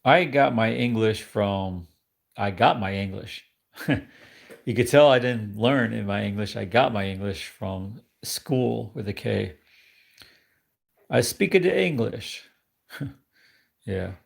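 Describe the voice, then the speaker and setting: A man's voice: on the low side, lively intonation, slow, vocal fry, long pauses. A man from New York rambling in casual chat with viewers on his live stream, often laughing at himself.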